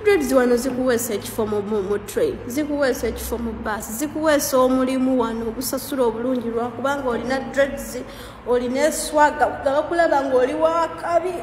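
A woman telling stories in a casual, animated monologue, often laughing as a TikTok creator. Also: sits high, fast talker, roomy sound, long reverb tail, a little hiss or hum. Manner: animated, laughing, mixing languages.

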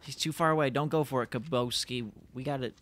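A young man giving chatty, excitable live commentary while playing a multiplayer game. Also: medium pitch, fairly quick. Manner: excitable, chatty, reacts loudly to the action. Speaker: gaming YouTuber.

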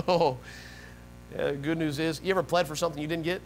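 A man preaching a sermon as pastor, animated, swinging between soft low asides and loud high-pitched bursts. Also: quick pace, slight background noise, rough recording. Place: church sanctuary.

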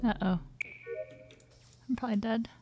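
A woman's voice: on the high side, moderate pace, faint music behind. A woman streamer chatting casually while playing a social deduction game with friends, laughing often. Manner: giggly, animated. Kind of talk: casual gaming chat.

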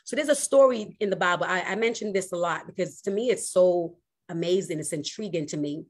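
A woman pastor preaching a sermon, animated, swinging from loud exclamations to hushed, slow emphasis. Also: lowish voice.

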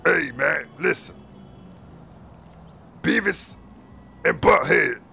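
Gruff, irritated gang leader played by a man; high, gravelly, confrontational street talk. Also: animated, extremely slow, sharp tone, slight background noise, full character voice. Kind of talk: game role-play voice.

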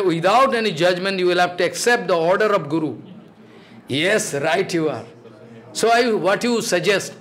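A man's voice: high voice, a bit bright. A man giving a devotional sermon in broken English, quizzing and scolding his listeners. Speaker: spiritual teacher.

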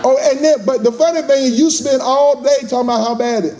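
High-voiced man preaching hard. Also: fairly quick, vocal fry, few pauses, mellow. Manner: preacherly call-and-response, acts out voices. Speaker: motivational speaker. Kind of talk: motivational speech to a live audience.

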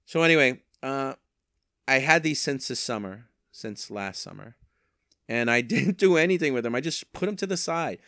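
A man's voice: mid-range voice, expressive, normal speed, sharp tone, no echo, clean studio sound. A man in a casual vlog, talking through his online resale sales on a handheld microphone, rambling with wry, self-mocking asides. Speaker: eBay reseller.

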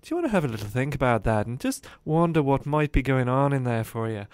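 A man's voice: mid-range voice, lively intonation, fast, clean tone, no echo, studio quality, voice pushed up, lightly acted. A man putting on a cheeky little Irish coach. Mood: coaxing. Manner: gently probing questions, lilting.

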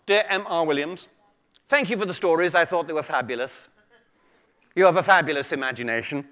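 A man's voice: on the high side, a little fast, a bit bright, natural voice. A man voicing a posh little schoolgirl reading out her thank-you letter in a prim, upper-class manner.

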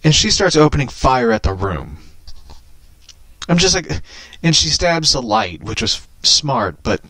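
Talking a little slowly in a medium-pitched voice, a male vlogger goes on about a movie he's seen. The recording is dry, and he's lively and foul-mouthed, frequently laughing at what he says.

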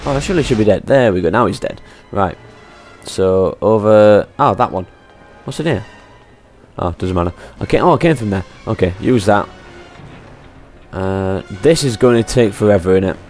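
A man casually commentating his gameplay on a headset mic, chatty and quick to exclaim. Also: lowish voice, expressive, a little mellow, faint music behind. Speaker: let's play gamer.

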